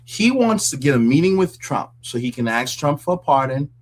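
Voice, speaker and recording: A man's voice: on the high side, big pitch swings, normal speed. Incredulous man ranting casually. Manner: incredulous, mocking, laughs often. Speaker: commentary host. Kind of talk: casual reaction commentary.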